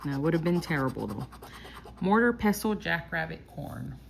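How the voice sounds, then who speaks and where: A woman hosting a casual vlog, reading out scratch-off symbols slowly one by one. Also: low-pitched, lively intonation, creaky, slight background noise. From Texas. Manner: slow, reads out symbols one by one while scratching. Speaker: lottery scratch-off vlogger.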